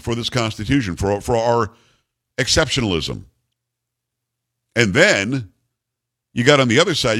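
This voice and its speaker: A male talk radio host speaking in an emphatic, ranting monologue. His voice sits mid-range but swings widely with lively intonation, punching out rhetorical questions and demands. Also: mid-range voice.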